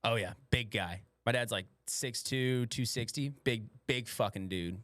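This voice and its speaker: This is a man in his twenties hosting a casual, crude podcast. He speaks at an average pitch, close to the mic, with no room sound, and he rambles through stories with plenty of swearing. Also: a little slow, fairly bright tone, no room sound. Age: 20s. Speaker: podcast host.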